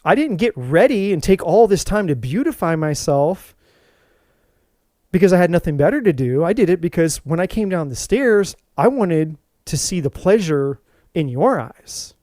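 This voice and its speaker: Man playing a hurt young woman, pleading, emotional, mellow voice. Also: high-pitched, big pitch swings, moderate pace, no room sound, clean studio sound.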